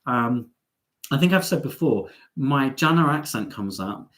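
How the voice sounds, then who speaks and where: Chatty man hosting a live Q&A. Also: measured pace. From Devon, England. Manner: chatty, reads out viewer comments and answers them; lively and playful, with big jumps up in pitch. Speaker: travel vlogger hosting a live stream. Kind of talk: live stream Q&A chat.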